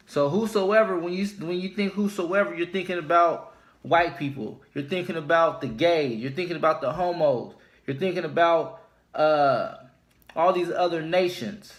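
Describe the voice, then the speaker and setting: Slow, deliberate man preaching. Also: fairly high pitch. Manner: slow, deliberate, repeats key points. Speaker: religious teacher. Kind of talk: informal scripture teaching.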